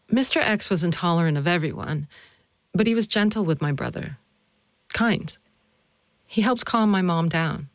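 A woman hosting and narrating a personal podcast, earnest and measured, speaking to her mother. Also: low-pitched, no room sound. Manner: earnest, emotional, measured storytelling. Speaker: host and narrator.

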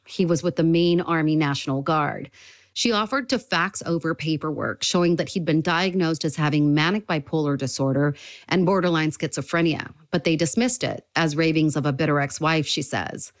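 A woman reporter narrating a news report with a measured, even delivery. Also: sits low, no echo.

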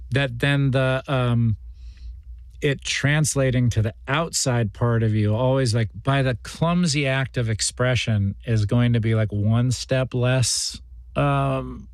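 A male actor speaking in an interview and working through his thoughts with fillers and restarts. His voice is of medium pitch, and the sound is dry and close. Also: dry recording. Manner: reflective, rambling, many fillers and restarts. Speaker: guest actor. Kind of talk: interview conversation.

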